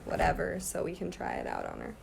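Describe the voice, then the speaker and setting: A woman's voice: lowish voice, wildly swooping pitch, fairly quick, vocal fry, noisy background. A woman with a British accent chatting casually on a livestream at home, answering viewers' comments while she works on a craft. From Chile. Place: at home, partly in a yard.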